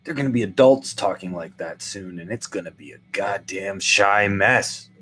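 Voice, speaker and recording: A man's voice: low voice, moderate pace, a little hiss or hum. Rambling, wry older man. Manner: rambling, wry, animated swings into quoted voices. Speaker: podcast host. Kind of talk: solo comedic monologue.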